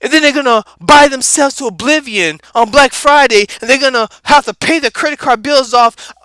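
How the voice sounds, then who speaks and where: Guy doing a smoky-style high squeaky voice, preachy rant, dry close sound. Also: clean tone, no room sound. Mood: animated. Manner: animated, preachy, repeats words rapidly. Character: laid-back high-voiced street-talking comedic guy. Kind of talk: animated motivational rant.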